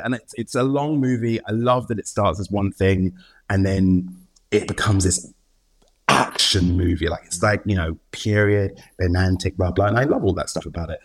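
A male actor with a lowish voice guests in a casual interview, talking fairly quickly. He's animated and laughs often, restarting frequently and acting out quotes.

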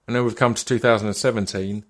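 A man's voice: lowish voice, fast. Male podcast host in his thirties, sweary storyteller who trips over his words. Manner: sweary, animated storytelling with stammered restarts. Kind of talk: casual chat, storytelling.

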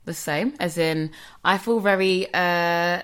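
A woman's voice: on the low side, slow, fairly bright tone, smooth. A young woman co-hosting a podcast, chatting casually and searching for words. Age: young adult. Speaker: podcast co-host. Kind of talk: casual chat.

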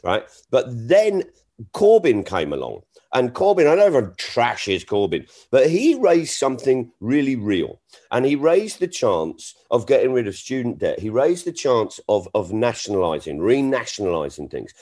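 In a mid-range voice at normal speed, a middle-aged man who's a comedian guest swaps stories in casual conversation. He's animated, frequently starts his sentences over, and performs the back-and-forth of the exchanges he quotes.

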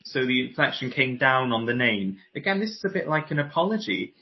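A man who is a classical baritone and voice teacher, explaining and demonstrating vocal exercises in a podcast interview. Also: big pitch swings, a little fast. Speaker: voice teacher and guest. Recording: dull lo-fi podcast audio.

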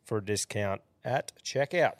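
A man's voice: lowish voice, unhurried, no room sound. An Australian man hosting a podcast, bantering crudely and laughing with his co-host. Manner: swearing, laughing, lively.

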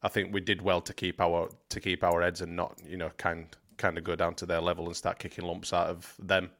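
A man's voice: low voice, monotone, a little fast, fairly bright tone. A man co-hosting a casual football podcast, talking in a blunt, sweary, rambling way. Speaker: podcast co-host.

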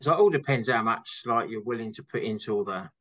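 An easygoing man joining a casual podcast chat, with a bright, forceful tone. His audio is dull and lo-fi, as if through a weaker mic. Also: fairly low pitch, animated, quick pace. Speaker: podcast co-host. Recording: dull lo-fi sound.

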